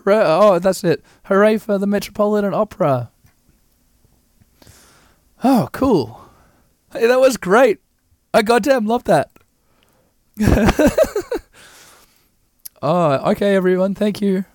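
A man hosting a podcast, giving an irreverent, profane, enthusiastic play-by-play of an opera, his voice a bit hoarse. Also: high-pitched, animated, slow, long pauses, a little mellow, no echo, studio quality. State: hoarse, recovering throat. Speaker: podcast host. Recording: opera music playing behind.

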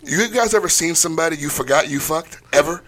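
A man's voice: on the high side, fast, fairly bright tone. A man co-hosting a podcast in crude, laughing casual chat, teasing the others. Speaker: podcast co-host.

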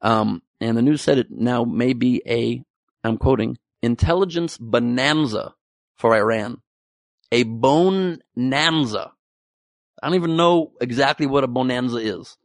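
Male comedian, sarcastic and profane, gravelly edge, dry close sound. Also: medium pitch, dry recording. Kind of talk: topical comedy monologue.

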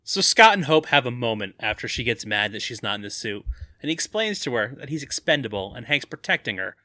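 A man co-hosts a casual podcast, rattling off the plot with lively, swinging pitch. His voice is bright and sits close to the mic, dry with no room sound. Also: no echo. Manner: reads plot summaries quickly, laughs often. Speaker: podcast co-host recapping the plot.

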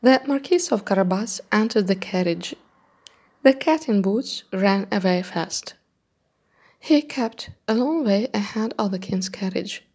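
A woman narrating a children's storybook chapter in a measured, even reading voice. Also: mid-range voice, breathy edge.

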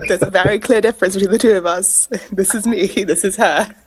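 A woman's voice: mid-range voice, normal speed, a crowd in the background. A woman guest in a casual interview, telling stories with lots of laughter. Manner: giggly, animated storytelling. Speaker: guest, cosplayer.

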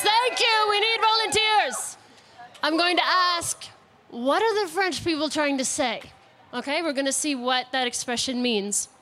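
Woman, very high voice, playful game host, upbeat, outdoor broadcast. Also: fairly bright tone. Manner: playful and upbeat, laughs often. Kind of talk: lively game hosting.

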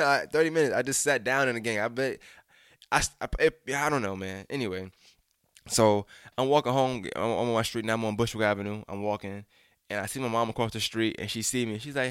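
A man's voice: mid-range voice, fairly quick, clean tone, no echo, clean studio sound. A young adult man telling a personal story casually, acting out the voices of the people in it, with slang and frequent restarts. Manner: animated, acts out quotes, frequent restarts and slang.

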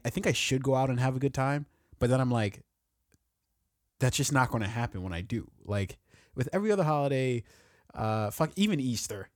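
A man co-hosting a podcast, talking in a rambling, halting, sardonic casual chat. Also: medium pitch, dry recording, studio quality. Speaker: podcast co-host.

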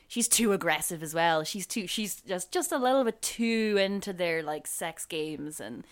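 A woman's voice: lowish voice, expressive, normal speed. A woman co-hosting a film podcast, enthusiastic and gushing, full of "like" and "um". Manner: enthusiastic, gushing, many fillers. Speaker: podcast co-host. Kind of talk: casual film chat.

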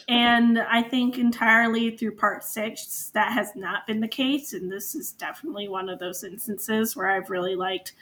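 A woman's voice: on the high side, sharp tone. A woman guesting on a casual podcast, enthusiastic and hedging with fillers.

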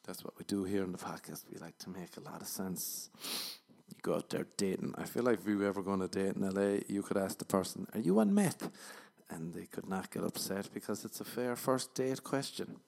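A man's voice: sits low, fairly quick, vocal fry, a little mellow. A man hosting a podcast, rambling through a comedic monologue full of swearing and self-mocking jokes. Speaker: podcast host.

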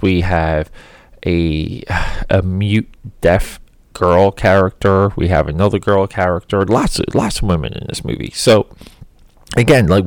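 A man with a very low voice and a rough, creaky edge talks through a movie in a casual, rambling commentary. He is opinionated and leans on fillers as he goes. The sound is dry, with no room echo. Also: a little mellow. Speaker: film commentator.

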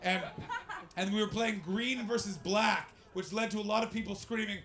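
A man's voice: sits high, a little fast. A young Canadian man doing stand-up, telling loose, profane stories and chatting with the crowd. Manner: loose, profane, animated storytelling. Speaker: stand-up comedian. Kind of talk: stand-up crowd work and storytelling.

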